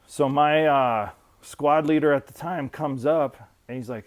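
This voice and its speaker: A man in his fifties, a military veteran, telling stories in a profane, animated way and acting out quotes. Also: mid-range voice, measured pace. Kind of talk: casual storytelling.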